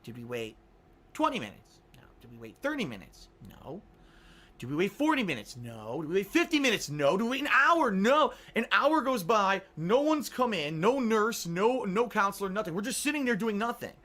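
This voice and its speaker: High, lively man telling an exasperated story. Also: normal speed. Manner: exasperated, sarcastic, swears freely; rhetorical questions to listeners. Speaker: radio show host. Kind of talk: casual storytelling. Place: small studio.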